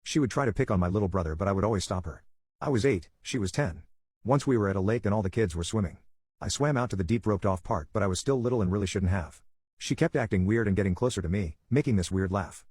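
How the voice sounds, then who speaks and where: Male narrator, low husky voice, brisk read of a forum story. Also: darkish tone, no room sound.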